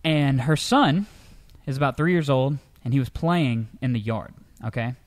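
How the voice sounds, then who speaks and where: A man co-hosting a comedic news-story show, telling tales in a lively, animated way. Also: moderate pace. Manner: lively storyteller, jumps into high pitch for characters. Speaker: co-host.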